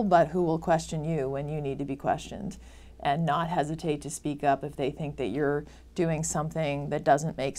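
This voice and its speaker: A woman, a former senator, answering interview questions in a halting way with restarts. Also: low voice, warm tone.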